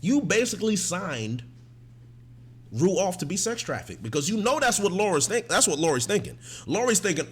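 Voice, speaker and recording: A man's voice: a little high, moderate pace, breathy edge. A man giving emphatic, casual reaction commentary on a TV episode. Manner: animated and emphatic, often slipping into mocking impressions.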